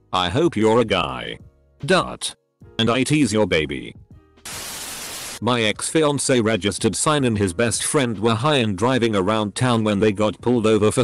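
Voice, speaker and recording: A man narrating online stories as scripted readings, in a lively, expressive way. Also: fairly low pitch.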